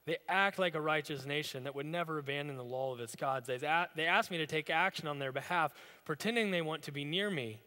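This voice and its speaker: Male pastor, bright, forceful tone, slightly higher voice, casual storytelling sermon, long church reverb. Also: fairly quick, few pauses. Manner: conversational, storytelling preaching. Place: church sanctuary.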